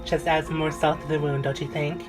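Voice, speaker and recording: A woman's voice: low voice, flat delivery, moderate pace, over music, natural voice, rough recording. A woman voicing a proud, sarcastic teenage girl in an amateur voice drama. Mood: scheming. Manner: cutting, sarcastic. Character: proud, sharp-tongued teen girl.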